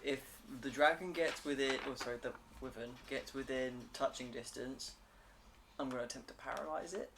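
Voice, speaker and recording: A man's voice: mid-range voice, moderate pace, creaky, reverberant, background noise. A man playing a tabletop game, talking bluntly and arguing with the game master. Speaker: player. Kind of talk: casual tabletop role-play.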